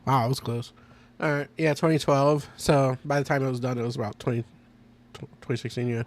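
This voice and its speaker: A man's voice: medium pitch, steady tone, brisk. Enthusiastic man in a casual podcast chat. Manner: enthusiastic, laughs often, rambling. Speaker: podcast host.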